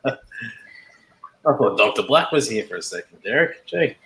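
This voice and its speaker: An Australian man chats with friends on a livestream, keen and quick to laugh. His voice is bright and lively, moving a lot in pitch. It sounds roomy, with a faint hiss behind it. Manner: friendly, enthusiastic, laughs often. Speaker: livestream co-host. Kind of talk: casual group chat on a livestream.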